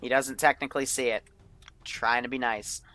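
A man's voice: medium pitch, fairly even intonation, normal speed, bright, forceful tone. A man running a multiplayer military game on a livestream, talking casually and bossing players around with plenty of swearing. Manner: brash, profane, bossy toward players.

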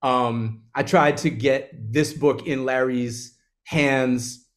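A man, an author, telling an animated story in an onstage conversation and acting out the quotes. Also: mid-range voice, slow pace. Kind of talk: live conversation on stage.

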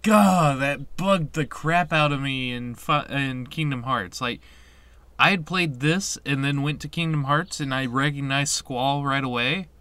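A man's voice: medium pitch, a little slow, sharp tone, smooth, no room sound. A man casually commenting during a video game playthrough, chatty and nostalgic, with frequent fillers. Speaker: let's play host.

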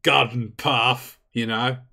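A man's voice: mid-range voice, steady tone, slow, vocal fry, pushed and bright, heavily acted. A man voicing a crude, swaggering male squad commander with a put-on Australian accent, giving a mission briefing. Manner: blunt, crude, barking orders.

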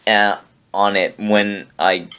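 A man's voice: fairly low pitch, flat delivery, slow pace, sharp tone, clean tone. A man reading a bad story aloud for comedy, weary and incredulous. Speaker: comedic reader. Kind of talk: deadpan comic reading.

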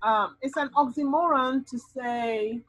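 Woman tutor on a video call, husky, slightly high voice, animated teaching, dry sound. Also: measured pace, poor audio. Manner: lively, animated explaining with sound-word outbursts. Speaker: SAT tutor. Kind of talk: online tutoring lesson.

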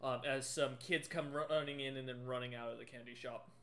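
A man acting as game master for a tabletop game narrates casually and rambles, with lots of fillers and restarts. His mid-range voice is fairly bright and fairly even in intonation, moving a little fast. There is slight background noise.

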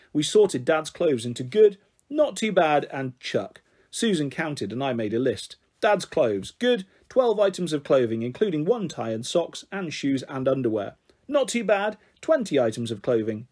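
A man reading a children's book aloud as a storyteller, gentle and expressive. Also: on the high side, slightly rough.

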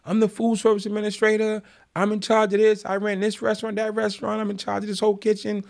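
A man acting out a yelling, high-pitched kitchen boss. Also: monotone, fast, creaky. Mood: boastful. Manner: yelling, officious. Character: loud indignant male kitchen boss.

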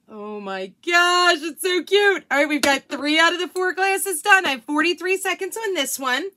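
A woman chatting casually in a craft vlog at home, gushing and excitable as she works. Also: very high-pitched, moderate pace, hardly any pauses. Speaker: craft vlogger.

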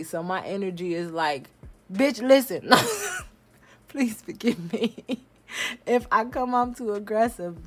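A woman giving a casual tarot reading at home, talking bluntly and forcefully, swearing freely as she addresses viewers directly. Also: mid-range voice, slight background noise. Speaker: tarot reader. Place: home room.

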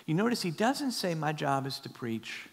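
A middle-aged male pastor preaching a sermon, swinging from loud, high emphasis to hushed near-whispers. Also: big pitch swings, moderate pace, vocal fry, slightly rough. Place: church sanctuary. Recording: long church hall reverb.

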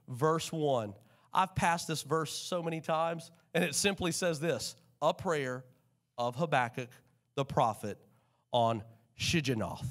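A high-voiced male pastor gives a lively sermon in a church sanctuary, prompting the congregation to respond.

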